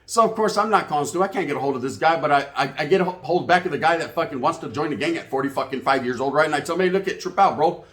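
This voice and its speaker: Guy rattling off a story quick, swearing a lot, kinda high voice. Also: a bit bright, echoey room. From California. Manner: profane, slangy street talk. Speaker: YouTube channel host. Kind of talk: casual storytelling monologue.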